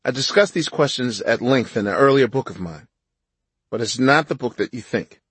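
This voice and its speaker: A man narrating his own nonfiction audiobook in a measured, reflective way. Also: medium pitch, expressive, husky, no room sound.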